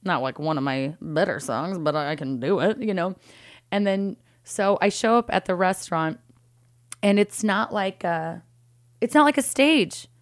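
Comedian guest, woman from Alaska; lively, salty storyteller with a dry, close mic. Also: lowish voice, unhurried, no echo. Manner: animated, swears freely, acts out other people's lines. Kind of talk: casual storytelling.

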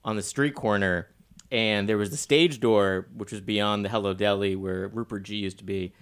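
A man's voice: on the low side, normal speed, smooth. A man hosting a podcast, chatting casually and telling stories with acted-out voices. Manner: lively storyteller, acts out voices. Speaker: podcast host. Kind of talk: casual interview chat.

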